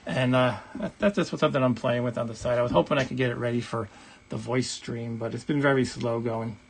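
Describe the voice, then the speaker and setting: A man's voice: mid-range voice, fairly even intonation, a little fast, vocal fry, slightly rough. A man hosting a retro game livestream, chatting casually in a rambling, jokey way. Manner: rambling, self-deprecating, jokey. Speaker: livestream host.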